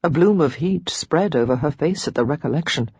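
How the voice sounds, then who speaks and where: Husky woman narrating a romance novel. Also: lively intonation, a little fast, darkish tone, no echo. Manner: gives the characters their own pitch and tone. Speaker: audiobook narrator.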